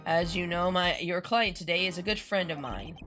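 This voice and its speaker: A woman voicing a composed, measured male senior defense attorney in a game. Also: fairly low pitch, a bit bright, faint music behind, lightly acted. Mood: smooth.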